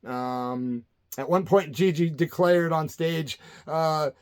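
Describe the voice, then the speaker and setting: A man's voice: on the high side, slow, smooth. A man in his sixties telling rambling old tour stories in a casual, laid-back way, often tossing in "man". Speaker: storyteller recalling punk tours. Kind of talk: casual spoken-word storytelling.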